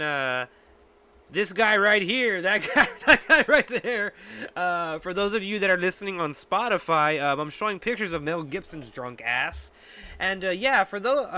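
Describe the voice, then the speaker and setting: A man's voice: sits high, pushed and bright, clean tone. A male podcast host in a casual, profane, exasperated rant. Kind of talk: casual ranting chat.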